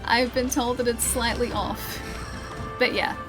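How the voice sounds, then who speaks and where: A woman's voice: fairly high pitch, fairly even intonation, measured pace. A woman from Melbourne with an Australian accent, chatting casually with viewers while she plays a game, rambling and self-deprecating with lots of fillers. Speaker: streamer. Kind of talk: casual live-stream chat while gaming. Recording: game music clearly heard behind the voice.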